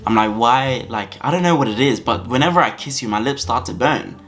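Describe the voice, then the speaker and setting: A young man, telling a comic story from his own life to his viewers in a lively, dramatic, laughing way, with soft music playing underneath. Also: medium pitch, quick pace. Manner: animated, laughing, dramatic exaggeration. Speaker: vlogger.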